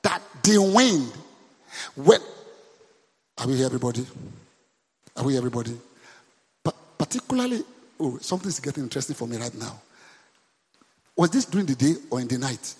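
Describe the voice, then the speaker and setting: A man's voice: medium pitch, big pitch swings, fairly quick, pauses often, slightly rough. A man preaching a sermon as pastor, calling out questions to his congregation and urging them to answer back. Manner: call-and-response preaching, repeated questions to the congregation. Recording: long hall reverb.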